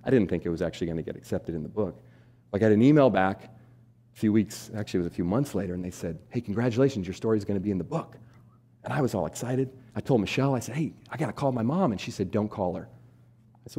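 Fast-talking man giving a keynote. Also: fairly low pitch, husky. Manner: animated, acts out quoted voices, asks audience questions. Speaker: keynote speaker. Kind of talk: storytelling keynote talk. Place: stage before a live audience.

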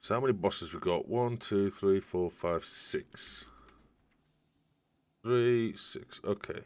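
A fairly low, darkish voice belongs to a man streaming a game, and he takes it slowly. He talks to his viewers as he plays, chatty and rambling, in casual gameplay commentary.

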